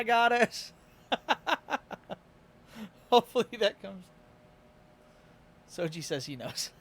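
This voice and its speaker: A man's voice: a little high, slight background noise. A tired man with a Midwestern American accent, chatting casually and laughing often as he streams live to his chat. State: a little tired.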